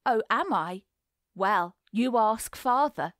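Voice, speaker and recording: A woman reading the part of a smug young schoolboy who taunts and mocks, in a slow, boastful way. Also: fairly high pitch, animated, a bit bright, dry recording, studio quality. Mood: taunting. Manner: gloating, mocking, boastful. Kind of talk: audiobook character reading.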